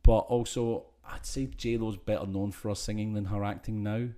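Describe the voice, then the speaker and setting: A man from Scotland with a faint Scottish accent, co-hosting a chatty podcast, joking and talking in quick asides. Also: lowish voice, steady tone, mellow. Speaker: podcast co-host. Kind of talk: casual chat.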